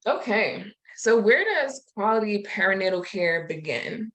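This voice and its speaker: A woman presenting over a video call who leads a slow, soothing breathing exercise and reads affirmations aloud. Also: medium pitch, animated, poor audio. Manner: soothing, slow guided meditation cues, warm affirmations. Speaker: summit presenter.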